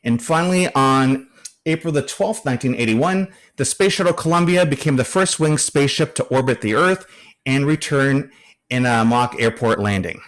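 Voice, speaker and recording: A man's voice: medium pitch, normal speed. A man presenting at an astronomy club meeting, reading through notes with frequent fillers and a few dry joking asides. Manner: hesitant, many fillers.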